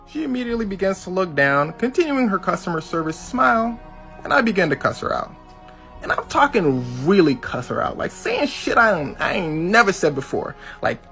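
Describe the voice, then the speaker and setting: A man telling a comic story with animated delivery, cussing freely and acting out the quotes. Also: high voice, a little fast, soft background music.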